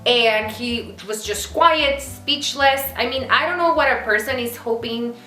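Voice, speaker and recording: A young woman vlogs to camera in chatty, exasperated talk full of fillers. Her voice is bright and a little high. The room echoes, with faint music underneath. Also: measured pace. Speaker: vlogger. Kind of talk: casual chat to camera.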